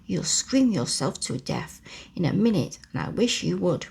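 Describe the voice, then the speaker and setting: A woman voicing a sharp-tongued young girl in a whispered role-play, snapping and scolding in a low, husky whisper. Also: sing-song, moderate pace, exaggerated voice. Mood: angry.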